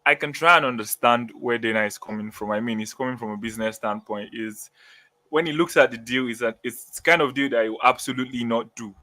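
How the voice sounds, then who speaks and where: A man speaks as co-host in a relaxed live stream, building his point step by step with frequent "you know"s. His pitch is ordinary. The sound is dry and close. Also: no room sound. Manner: measured, reasoning aloud with hedges. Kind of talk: casual live-stream chat.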